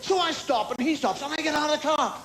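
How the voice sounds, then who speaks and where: A man's voice: extremely high pitch, quick pace, background noise. A man performing a stand-up comedy monologue as host, telling conversational stories with crude punchlines and mimicked car horns. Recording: TV studio with loud audience laughter. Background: loud studio audience laughter.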